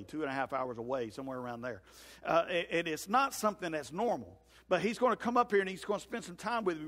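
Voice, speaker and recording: A man with a drawl preaches a sermon, folksy and lively in the way he talks. His voice sits high for a man. The sound carries a long hall reverb around it. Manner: folksy, animated, acts out scenes in comic voices. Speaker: pastor.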